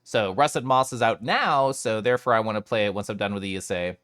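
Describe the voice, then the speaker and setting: A man streaming live, chatting casually with his viewers in an animated way and swearing now and then. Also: on the low side, brisk.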